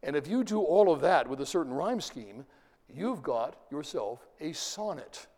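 A man's voice: a little high, big pitch swings, a little slow, darkish tone, in a large hall. A middle-aged man giving a classroom lecture, quizzing the class and reading verse aloud with rhythm. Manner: asks the class questions, reads verse aloud, taps out rhythms.

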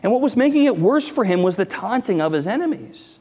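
Guy preaching a sermon, earnest, kinda high voice, drops real quiet sometimes, long echo in the room. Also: big pitch swings, a little fast, husky. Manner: earnest, emphatic preaching with repetitions and dramatic drops to near-whisper. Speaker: pastor. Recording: hall reverb.

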